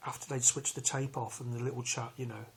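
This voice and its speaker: A man, telling a long personal story in a rambling, halting way with many fillers. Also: mid-range voice, little pitch movement, creaky, slight background noise. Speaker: vlogger recounting a police arrest. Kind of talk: casual storytelling.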